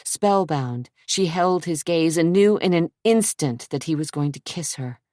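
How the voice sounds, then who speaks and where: A woman reads a suspense novel aloud with a notably low voice and measured, steady delivery. The recording is dry and close, with no room around her. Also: no room sound. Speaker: audiobook narrator. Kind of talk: scripted narration.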